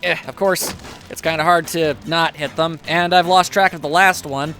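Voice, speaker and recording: A man's voice: a little high, steady tone, normal speed, sharp tone, faint music behind. A man casually commentating a video game as he plays, chatty and wry, with self-mocking asides. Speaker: gameplay commentator. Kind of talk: casual let's play commentary.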